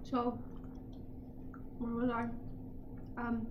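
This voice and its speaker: A woman's voice: on the high side, monotone, drawn-out words, echoey room, lo-fi sound, noisy background. A woman co-hosting a casual podcast, retelling a story in a rambling way full of likes and ums. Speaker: podcast co-host. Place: apartment.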